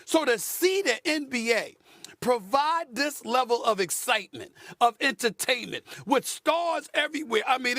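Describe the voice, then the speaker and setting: A man's voice: very high-pitched, sharp tone, no echo, studio quality. A man hosting a sports debate show, boisterous and theatrical, repeating phrases for emphasis. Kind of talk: loud animated sports debate. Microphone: remote studio feed.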